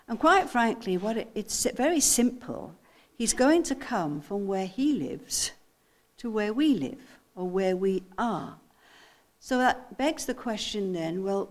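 An older woman delivers a sermon to her congregation at a middle pitch. She speaks reflectively and circles back on her phrases, often tossing rhetorical questions to the listeners. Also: a little mellow. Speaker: pastor.

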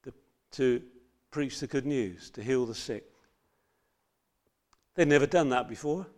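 A man preaching a sermon, earnest and reading scripture with loud emphasis. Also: medium pitch, a little slow.

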